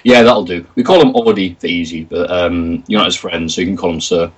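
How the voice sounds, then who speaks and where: A man's voice: low-pitched, a little fast, husky, recorded from a distance, low-quality recording. A British man telling stories in a casual interview, chatty and jokey, acting out quotes in other voices. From Britain. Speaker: interview guest, video creator.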